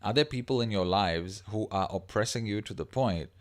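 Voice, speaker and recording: A man's voice: on the low side, moderate pace. A man hosting a livestream, talking casually and rambling, reading viewer comments aloud as he goes. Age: adult parent of a young child. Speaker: livestream host.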